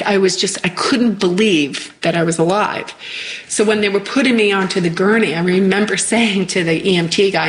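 A middle-aged woman telling a personal story as an interview guest, halting and reflective, often trailing off mid-thought. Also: mid-range voice, low-quality recording.

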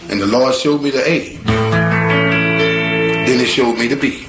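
A man, a guitarist from North Carolina, telling his life story in a lively, colloquial way. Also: mid-range voice, measured pace. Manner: colloquial, lively, acts out voices with laughter. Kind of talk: animated spoken storytelling. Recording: roomy sound with faint guitar behind.

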